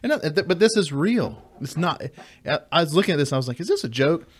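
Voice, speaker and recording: A man co-hosting a casual podcast chat, animated and laughing often as he tells stories. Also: a little high, quick pace, husky. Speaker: podcast co-host. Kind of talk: casual chat over beers.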